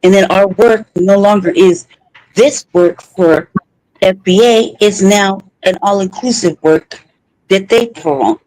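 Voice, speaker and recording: A man's voice: high voice, measured pace, darkish tone, dry recording, poor audio. A man co-hosting a podcast, talking in a heated, profane, rambling way with frequent restarts. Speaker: podcast co-host. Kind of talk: heated casual talk.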